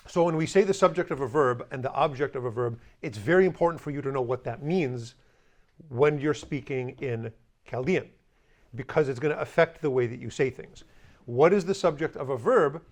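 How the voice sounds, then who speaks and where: A man teaching a language class, explaining grammar in a conversational way and slowly repeating example words. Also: mid-range voice. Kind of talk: classroom lesson.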